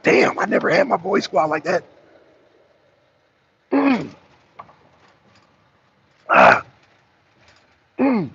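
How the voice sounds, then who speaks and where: A hoarse man from the Southern US hosting a casual livestream, chatty, calling viewers y'all and clearing his throat often. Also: high-pitched, animated, measured pace, long pauses, noisy background. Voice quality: raspy, gravelly. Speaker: talk show host. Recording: dull lo-fi stream audio.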